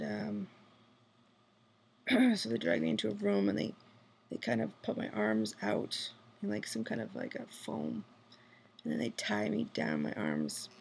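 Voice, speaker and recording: Whispering woman with a gravelly voice. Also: on the high side, a little hiss or hum. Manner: whispering quietly, rambling with many fillers. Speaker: vlogger. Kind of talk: hushed personal video diary. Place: hospital room at night.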